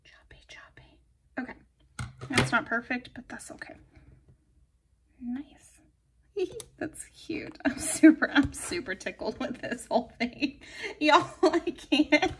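A woman chatting casually and giggling as she decorates a planner, her voice sometimes dropping to soft murmurs. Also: high voice, expressive, takes it slowly, whispered. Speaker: planner vlogger. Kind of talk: casual plan-with-me narration.

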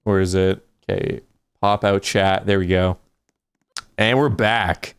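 A man livestreaming a video game, chatting casually and reacting out loud as he plays. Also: low-pitched, steady tone, slow pace, clean tone, no room sound, clean studio sound. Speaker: gaming streamer. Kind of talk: casual live gameplay commentary.

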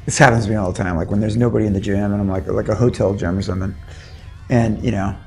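A man's voice: lowish voice, fairly even intonation, quick pace. A man talking backstage as a band's singer, full of crude boasts delivered with a mock-serious air. Faint music plays behind him. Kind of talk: joking backstage interview. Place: backstage at a venue.

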